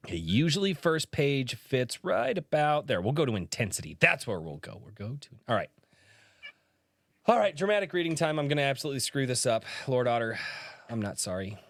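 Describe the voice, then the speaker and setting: A man's voice: mid-range voice, a little fast, gravelly, no echo, studio quality. A man hosting a podcast, chatting animatedly with a swearing habit and doing a dramatic book reading. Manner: animated, swears freely, jumps into put-on voices for quotes. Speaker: podcast host.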